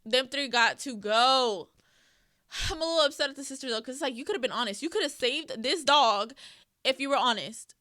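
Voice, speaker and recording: A woman hosting a reaction channel, talking casually in an expressive, emotional way and swearing freely. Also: sits high, fast, no room sound, studio quality.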